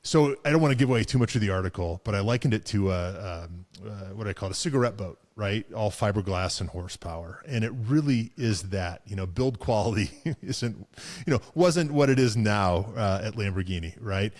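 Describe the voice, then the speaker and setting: A man's voice: lowish voice, lively intonation, a little fast, a little mellow. A man co-hosting a car show, chatting casually with lots of fillers, restarts and chuckles. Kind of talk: casual chat.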